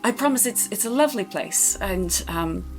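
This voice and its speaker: A woman's voice: medium pitch, lively intonation, moderate pace, faint music behind, lightly acted. A woman voicing a nervous young man who stammers and hesitates, full of ums and restarts. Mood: flustered.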